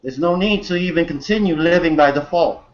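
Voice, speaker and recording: Man, fairly high voice, hype host, motivational pitch, lo-fi web call sound. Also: fairly quick. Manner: hyped, repeats "guys", pitches a sign-up. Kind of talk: motivational webinar hosting. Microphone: video call.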